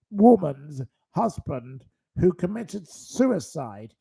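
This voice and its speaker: A man's voice: a little high, sing-song, slow pace, vocal fry, dark tone, husky. A man hosting his own channel, delivering an angry, scolding rant full of insults. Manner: indignant, scolding, hurling insults. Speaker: channel host.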